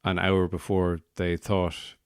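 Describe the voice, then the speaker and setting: Deep-voiced Irish man telling a comic story. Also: monotone, takes it slowly, smooth, no room sound, studio quality. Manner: rambling, digressive, wry. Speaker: podcast host.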